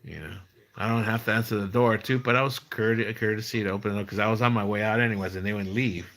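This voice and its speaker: Middle-aged male streamer, bright voice, rambling casual chat, lots of restarts and fillers. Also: on the low side, fairly even intonation, fast. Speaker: livestream host.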